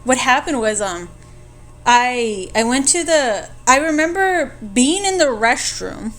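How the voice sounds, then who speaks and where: A woman's voice: sits high, expressive, takes it slowly, fairly bright tone, faint music behind. A young woman co-hosting a podcast, telling a story in casual chat, laughing and swearing freely. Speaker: podcast co-host.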